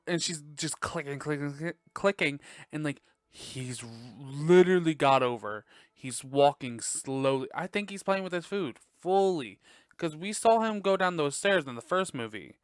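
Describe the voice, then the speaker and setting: Profane, excitable young man reviewing movies. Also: a little high, moderate pace, dry recording, clean studio sound. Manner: profane, excitable, laughing often. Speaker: podcast host. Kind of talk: casual movie review chat. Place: dark bedroom at home.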